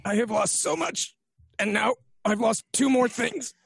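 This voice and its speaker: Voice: medium pitch, measured pace, creaky, husky, dry recording, clean studio sound. A game master running a tabletop role-playing game over an online call, rambling, interrupting themselves and laughing often. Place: remote call.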